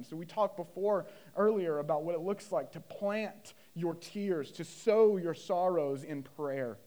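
High-voiced preaching man, impassioned. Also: a little slow, hardly any pauses. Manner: impassioned, swinging from loud emphasis to hushed low delivery; addresses listeners as guys, asks rhetorical questions. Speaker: pastor. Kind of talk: sermon.

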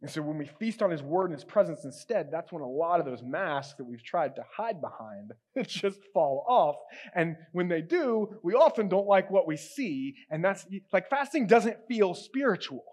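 Male pastor, slightly high voice, casual sermon delivery that swings from emphatic to hushed. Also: big pitch swings, normal speed. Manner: conversational, emphatic, drops to soft quiet tones.

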